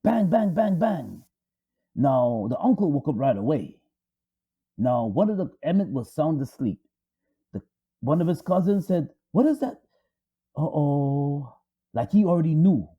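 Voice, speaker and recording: A man's voice: on the high side, lively intonation, unhurried, long pauses, breathy edge, muffled recording. A man co-hosting a talk show, telling a story dramatically with emphatic repetition. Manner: repetitive, emphatic, restarts for effect. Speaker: co-host.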